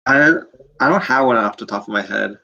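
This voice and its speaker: A man's voice: on the low side, a little fast, gravelly, bright, forceful tone, dull audio. A young man, a student club officer, chatting casually with blunt, short answers. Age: young adult. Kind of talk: casual chat.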